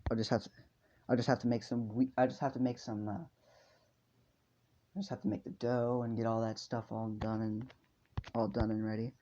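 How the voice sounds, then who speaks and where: A man voicing a plain young male commoner thief, talking flat and matter-of-fact. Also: mid-range voice, fairly quick, long pauses, natural voice. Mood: musing. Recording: dull lo-fi home mic with faint noise.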